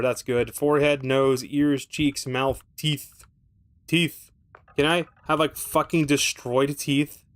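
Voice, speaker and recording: A man streams a game, thinking aloud in rambling, casual commentary, swearing freely and dropping wry, self-mocking asides. His voice is medium-pitched, smooth, and a bit bright.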